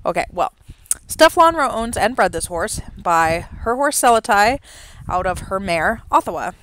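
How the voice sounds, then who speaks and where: A woman calling simulated horse races from home, excited during the race and chatty and rambling between races. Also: mid-range voice, slight background noise. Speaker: race caller and host of a horse racing simulation show. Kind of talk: horse race commentary and casual chat. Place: home, with a dog nearby.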